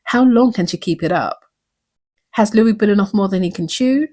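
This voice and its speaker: A woman's voice: mid-range voice, moderate pace, mellow. A woman hosting a recap show, talking in an earnest, reflective way and asking many questions. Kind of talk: recap commentary.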